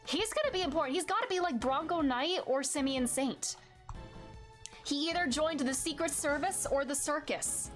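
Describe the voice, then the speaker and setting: A woman streaming a game, tossing in joking, excitable asides. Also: sits high, moderate pace. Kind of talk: live gameplay commentary. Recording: game music behind the voice.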